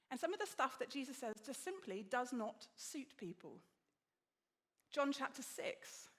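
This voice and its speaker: High-voiced woman preaching. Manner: lively storytelling, acting out quotes. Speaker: guest preacher. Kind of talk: sermon.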